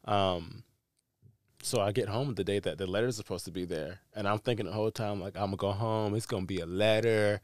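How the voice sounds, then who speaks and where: A young man co-hosting a casual chat show, telling an animated story and acting out the people in it. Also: fairly low pitch, a little fast, no room sound, clean studio sound. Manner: animated storyteller, acts out quotes, laughs often. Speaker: podcast co-host.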